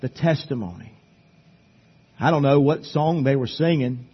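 A male pastor preaching a sermon at a church service, emphatic, swinging between loud declarations and hushed asides. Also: medium pitch, a little slow, husky, dull audio.

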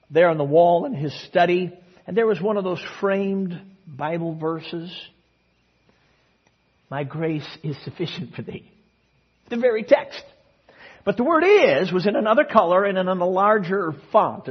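A man preaching a sermon, telling a story with sudden swings between soft and loud passages, in front of a congregation. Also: sits high, breathy edge, lo-fi sound. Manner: storytelling with dramatic swings in loudness and pace. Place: church service.

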